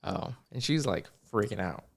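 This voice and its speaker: A young man, a podcast co-host, telling a story in casual chat, animated, acting out the people in it and swearing freely. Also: fairly low pitch, normal speed, creaky.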